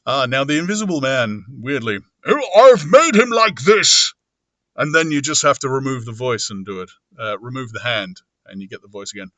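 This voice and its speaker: A man's voice: mid-range voice, fairly quick, few pauses, pushed and bright, no echo. A man narrating audiobooks who talks casually and mutters to himself while he edits his recordings.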